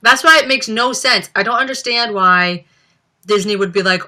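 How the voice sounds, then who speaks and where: A woman's voice: mid-range voice, moderate pace, sharp tone. A young woman chatting casually on a livestream, reading out viewer comments and rambling with lots of fillers. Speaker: livestream host.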